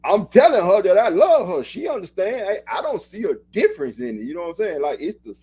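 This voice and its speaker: A man's voice: high voice, big pitch swings, fast, vocal fry, dark tone, breathy edge. A man co-hosting a podcast, talking in loose, emphatic casual chat and swearing now and then. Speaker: podcast co-host.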